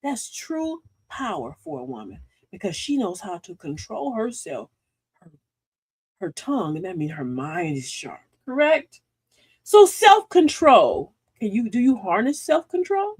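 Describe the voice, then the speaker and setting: A woman's voice: medium pitch, sing-song, a little slow, husky, no echo. A middle-aged woman hosting a casual livestream talk, folksy and sassy, preaching advice and laughing often. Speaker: livestream host.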